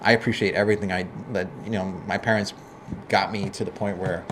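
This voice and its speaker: New guy on a car podcast, animated storyteller, faint room hum behind. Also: low-pitched, a little fast. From New York. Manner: animated storyteller who acts out quotes. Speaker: guest, car club organizer. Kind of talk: casual podcast chat.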